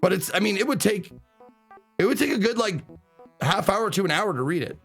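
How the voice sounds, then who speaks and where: A man streaming a game live, chatting excitably, swearing casually and reading the game's text aloud. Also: sits high, brisk, gravelly, faint music behind. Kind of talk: live let's play commentary.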